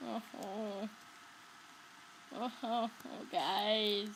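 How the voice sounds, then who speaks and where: A woman's voice: mid-range voice, fairly even intonation, very slow, fairly bright tone, slight background noise, rough recording. A woman giving casual commentary on her own gameplay, talking to viewers and shrieking when startled. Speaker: gamer narrating her play.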